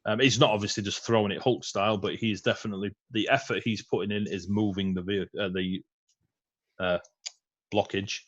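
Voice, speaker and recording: A man runs a tabletop role-playing game in a low, easygoing voice, filling pauses with ums and frequent chuckles. The sound is muffled and dull, as if it came over an online call. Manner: relaxed, laughing often, many ums and uhs. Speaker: game master.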